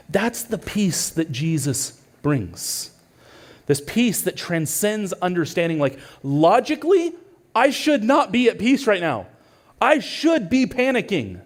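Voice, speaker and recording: A man in his thirties, a pastor preaching a sermon with earnest storytelling that swings between hushed and urgent. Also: high voice. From California.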